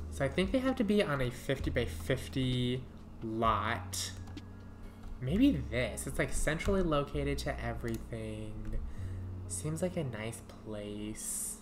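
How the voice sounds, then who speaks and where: A woman with a strikingly deep voice chats casually as she plays, thinking out loud and giggling at her own ideas. She talks at an unhurried, easy pace into a desk microphone, with faint music playing behind her. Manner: muses aloud, trying out names, quick to giggle. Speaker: streamer. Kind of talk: casual gameplay commentary.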